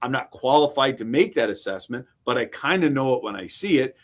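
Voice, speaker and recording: A man's voice: mid-range voice, expressive, a little fast. A middle-aged man co-hosting a true-crime show, giving firm, explanatory legal commentary. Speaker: podcast co-host, trial lawyer.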